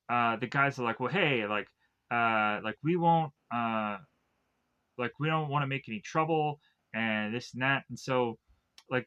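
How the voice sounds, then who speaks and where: A man talks through a movie's story in a loose, unscripted way, leaning on "like" and "uh" as he goes. His voice has a bright, forward ring at a mid pitch for a man. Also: smooth, dull audio. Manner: rambling, filler-heavy with constant "like" and "uh". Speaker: film reviewer. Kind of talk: casual spoken plot recap.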